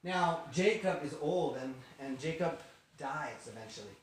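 A man teaching a Bible lesson in an animated storytelling way, often asking his listeners questions. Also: on the high side, a little slow, a little hiss or hum. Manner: animated, asks the class questions. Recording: echoey room, distant mic.

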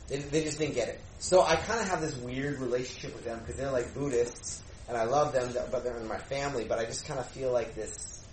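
A male pastor shares a personal story with his congregation in a loose, chatty sermon style, full of fillers and little acted-out quotes. His medium-pitched voice moves briskly, with a slight hiss or hum. Captured by a distant mic, it echoes through a roomy hall over a faint murmur of room sound.

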